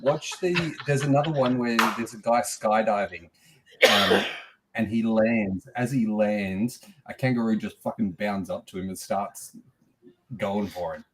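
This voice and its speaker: A man's voice: lowish voice, a little slow, slight background noise, poor audio. A man in a casual chat, insistent and swearing freely. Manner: insistent, profane.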